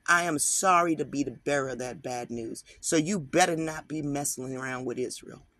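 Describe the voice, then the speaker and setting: A man's voice: on the high side, moderate pace, bright, forceful tone, no echo. A man teaching online, reading an article aloud and breaking off into casual, emphatic commentary aimed straight at his viewers. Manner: conversational, talks to viewers directly, emphatic asides.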